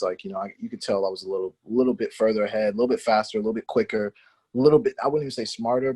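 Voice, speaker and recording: A man talks quickly and a little low, his husky voice tumbling through a story from his playing days. He rambles, stacking "like" and "you know" as he goes, in a relaxed interview. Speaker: podcast guest, former pro soccer player.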